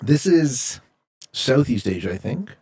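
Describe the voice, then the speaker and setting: A male streamer from Canada chatting casually with his viewers while he plays. His voice is gravelly and a little husky, and his pitch swings up and down a lot. He reads chat messages out loud and cracks jokes in reply. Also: big pitch swings, a little slow. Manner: jokey, reads viewer chat aloud and answers.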